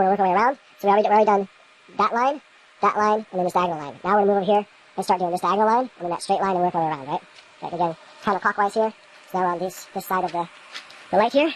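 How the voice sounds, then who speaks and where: Fast-talking woman rambling through a grow demo. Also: lowish voice, slight background noise, low-quality recording. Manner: rambling, talks to camera while working, mutters at equipment. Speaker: home grower demonstrating light readings. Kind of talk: casual instructional vlog.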